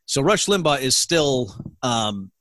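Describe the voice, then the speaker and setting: A man's voice: mid-range voice, sing-song, slow pace, a bit bright. A middle-aged man, an economist guest in an interview, explaining his field in an earnest, lecturing way. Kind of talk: interview answers.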